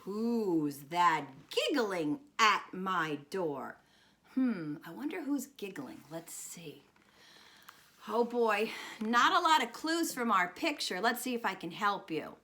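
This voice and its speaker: Woman speech teacher, high lively voice, slow and expressive, coaxing young kids to guess. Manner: animated and expressive, with gasps and drawn-out words; coaxing and encouraging, asking children questions. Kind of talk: reading a guessing picture book to young children.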